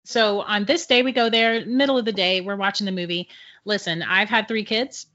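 A middle-aged woman, a podcast guest, telling a personal ghost story in an animated way and laughing often between sentences. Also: medium pitch, normal speed. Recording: dull lo-fi audio.

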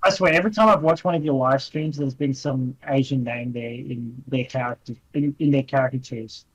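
A man's voice: medium pitch, fairly even intonation, fairly quick, slightly rough, lo-fi sound. Young australian man, podcast co-host, casual chat, playful teasing.

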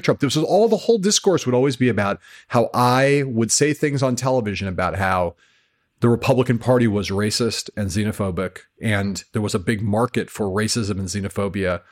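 Frank low-voiced man telling stories. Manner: brisk, storytelling, frank and profane. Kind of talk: casual political discussion.

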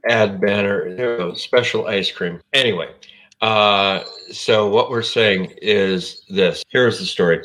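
Co-host, fifties, very deep voice, rambling teller. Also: male voice, measured pace, fairly bright tone, low-quality recording. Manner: rambling storyteller, self-interrupting. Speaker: show producer and co-host. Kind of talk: casual comedy podcast chat.

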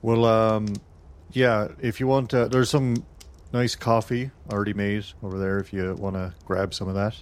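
A man's voice: fairly low pitch, flat delivery, moderate pace, clean tone. A man playing a tabletop game in character, easygoing and chatty. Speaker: player.

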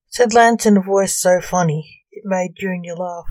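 A woman reading a comic story aloud in a measured, gently expressive way. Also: on the low side, dry recording, rough recording.

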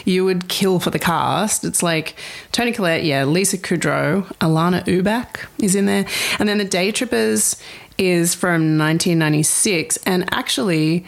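A woman's voice: on the low side, moderate pace, vocal fry. A woman co-hosting a film podcast, chatting casually and trailing off between thoughts. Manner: chatty, trailing off, many likes. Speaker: podcast co-host.

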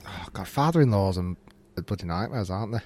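A man's voice: deep voice, lively intonation, a little fast, darkish tone. A man hosting a golf podcast, chatty and easily flustered, laughing often. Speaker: podcast host. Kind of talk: casual podcast chat.

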